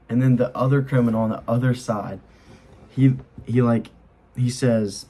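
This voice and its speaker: Earnest young man with a husky, mellow voice. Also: medium pitch, steady tone, moderate pace, poor audio. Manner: earnest, rambling, heavy on fillers. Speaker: Bible study host. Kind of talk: casual Bible reading and commentary.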